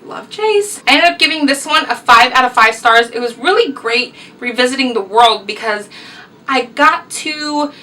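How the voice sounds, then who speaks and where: A woman's voice: high-pitched, animated, moderate pace, sharp tone, far from the mic, low-quality recording. A young woman, chatting through a casual book review vlog, rambling and enthusiastic. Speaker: book vlogger.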